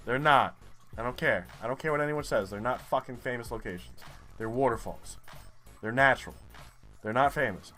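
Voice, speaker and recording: A man's voice: mid-range voice, moderate pace, bright, forceful tone, faint music behind. A young man giving profane, frustrated commentary while playing a geography guessing game. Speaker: gaming YouTuber. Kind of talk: live gameplay commentary.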